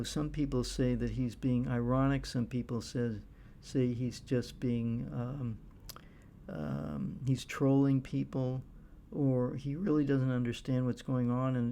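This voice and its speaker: A middle-aged man giving casual monologue commentary, halting often with fillers and restarts. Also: mid-range voice, gravelly, dark tone, slight background noise. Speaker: political commentator.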